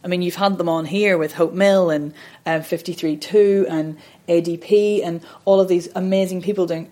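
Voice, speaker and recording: Woman, 30s, voice coach; low-ish voice, chatty, rambling, self-deprecating interviewee. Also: steady tone, moderate pace, warm tone. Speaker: voice and accent coach. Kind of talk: conversational podcast interview.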